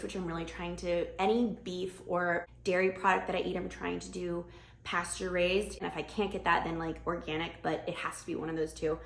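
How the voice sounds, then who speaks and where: Young female vlogger, enthusiastic, casual chat, slightly low voice, echoey home room. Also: vocal fry. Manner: bubbly, chatty, enthusiastic.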